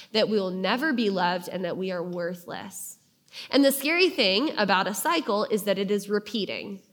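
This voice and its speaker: A woman giving a sermon, earnest, slowing down and pausing to stress key phrases. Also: medium pitch. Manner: earnest, with slow emphatic pauses on key phrases. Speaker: speaker giving a devotional talk.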